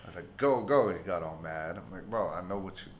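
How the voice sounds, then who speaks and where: Easygoing low-voiced host. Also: male voice, fairly even intonation, fast, slight background noise. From United States, San Francisco. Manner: easygoing, constant "yeah" backchannels, profane. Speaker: podcast host. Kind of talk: casual podcast chat.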